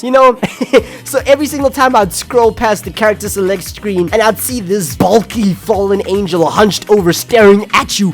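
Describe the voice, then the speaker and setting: A young man from South Africa telling a story casually in an animated way, swearing and laughing at himself. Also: high-pitched, moderate pace, faint music behind. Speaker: gaming video creator.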